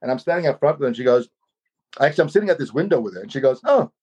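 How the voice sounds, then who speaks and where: A man's voice: mid-range voice, lively intonation, rapid-fire, darkish tone, husky. Rambling man telling a story on a call. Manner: rambling, repeats words, many fillers. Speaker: guest. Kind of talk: personal storytelling. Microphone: video call. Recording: slightly muffled video call audio.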